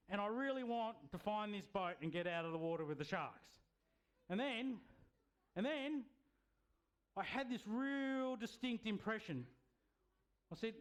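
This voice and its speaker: Lively man telling kids a story. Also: high-pitched, a little fast. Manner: lively, asks the kids questions. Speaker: children's storyteller at church. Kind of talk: animated story for children.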